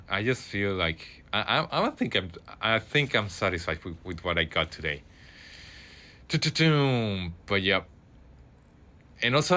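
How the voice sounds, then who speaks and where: Rambling low-voiced male radio host. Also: pushed and bright. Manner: rambling, halting, many fillers and restarts. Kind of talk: casual solo radio talk. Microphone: studio microphone.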